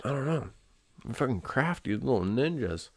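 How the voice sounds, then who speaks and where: A man's voice: mid-range voice, big pitch swings, moderate pace. A young man hosting a casual solo show, rambling with lots of fillers and swearing. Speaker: podcast host.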